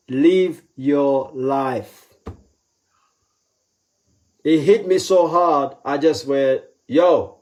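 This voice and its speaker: Male motivational speaker, somewhat high voice, emphatic, repeats key lines. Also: a little mellow. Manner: acts out quoted voices with pitch jumps. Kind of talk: live motivational talk.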